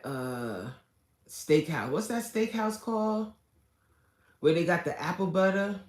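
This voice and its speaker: A woman, chatting casually and animatedly with viewers on a live stream from her car, laughing often and swinging between loud and soft. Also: deep voice, reverberant. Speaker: livestream host chatting with viewers.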